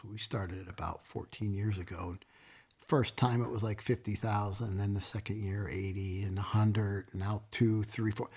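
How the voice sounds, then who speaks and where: A man's voice: fairly low pitch, fairly even intonation, normal speed, darkish tone, husky. A man being interviewed as a guest, telling stories in an emotional, folksy way. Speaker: museum founder and guest. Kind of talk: casual interview storytelling.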